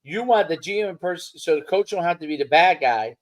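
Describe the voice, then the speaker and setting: A man co-hosting a casual sports podcast, rambling and animated with frequent restarts. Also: a little high, a little fast, rough recording. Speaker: podcast co-host.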